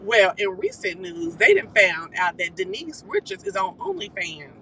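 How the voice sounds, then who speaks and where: Bright, animated gossiping live-streamer. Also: mid-range voice, creaky, a little hiss or hum, low-quality recording. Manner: animated, profane, quick-talking. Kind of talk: casual gossip recap. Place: car while driving.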